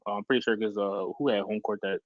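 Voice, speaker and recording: Male podcast co-host, rapid rambling chatter, muffled lo-fi audio. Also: on the low side, dry recording. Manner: excitable, rambling, lots of fillers. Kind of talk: casual basketball talk. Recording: dull lo-fi sound.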